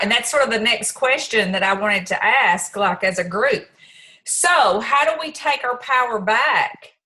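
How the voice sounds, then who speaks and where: Bright-voiced woman leading a discussion. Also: on the high side, poor audio. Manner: asks questions, restarts, many fillers. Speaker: discussion host. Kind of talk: casual group discussion.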